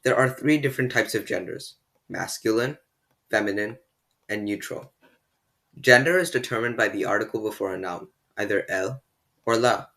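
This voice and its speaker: A man giving a beginner language lesson, explaining step by step and slowing down to model pronunciation. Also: on the low side, vocal fry, bright, forceful tone. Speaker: language tutor.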